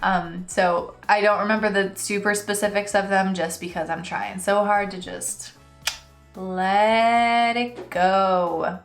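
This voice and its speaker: A young woman tells a ranting storytime, animated and quick to slip into mock voices for the people she quotes. Her talk rings a little off the walls of an echoey room, with faint music underneath. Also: mid-range voice, vocal fry. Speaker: freelance writer vlogger. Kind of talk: casual storytime rant.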